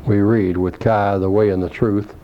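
A man with a low, monotone voice delivers a scholarly sermon, quoting commentaries and scripture references in a measured, deliberate way. The recording sounds dull and lo-fi. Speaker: preacher.

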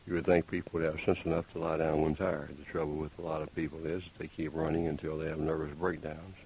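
A man preaching a sermon, deliberate and emphatic, with pointed rhetorical questions. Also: a bass voice, little pitch movement, darkish tone, poor audio. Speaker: pastor. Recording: faint hiss.

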